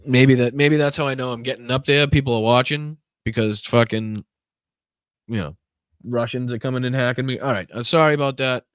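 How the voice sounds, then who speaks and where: A man's voice: mid-range voice, steady tone, fairly quick, fairly bright tone, smooth, dry recording. A man hosting a political livestream, talking casually in a profane, exasperated, rambling way.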